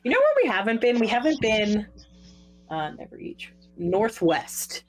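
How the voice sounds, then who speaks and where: A woman's voice: a little high, big pitch swings, measured pace. A woman co-hosting a podcast, chatting casually and breaking in with asides for the listeners. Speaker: podcast co-host. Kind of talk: casual chat.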